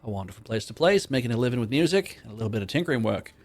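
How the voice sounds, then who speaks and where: A man's voice: mid-range voice, lively intonation, rapid-fire, no room sound, soft background music. A man voicing a matter-of-fact wandering male trader and tinkerer, reading the game's dialogue aloud in a loose put-on Australian accent.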